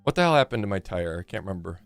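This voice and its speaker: A man's voice: sits low, sing-song, racing, vocal fry, no echo, soft background music. A man in his forties chatting casually on a live game stream, rambling and joking with plenty of swearing.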